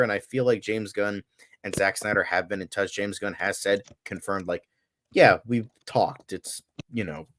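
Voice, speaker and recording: A man's voice: medium pitch, a little hiss or hum. A man co-hosting a daily fan news show, chatting bluntly, swearing freely and ranting with energy. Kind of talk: casual podcast chat.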